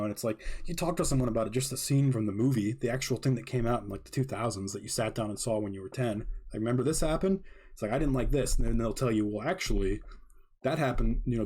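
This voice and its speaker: A man's voice: medium pitch, a little mellow, slightly rough. A young man hosting a podcast, talking in a rambling, blunt, casual monologue and swearing now and then. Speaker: podcast host.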